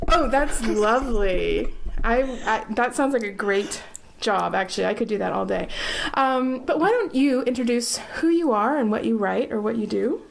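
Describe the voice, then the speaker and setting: Woman host, bubbly and gushing, with some vocal fry. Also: on the high side, animated, a little hiss or hum. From United States. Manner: bubbly, gushing, quick to laugh. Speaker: podcast host. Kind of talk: casual interview chat.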